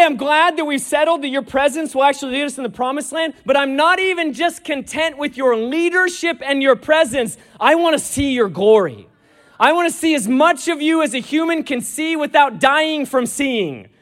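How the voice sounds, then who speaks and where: A man preaching a sermon, retelling scripture with lively acted-out dialogue and emphatic delivery. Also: very high-pitched, moderate pace. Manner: animated storytelling, acting out dialogue, emphatic.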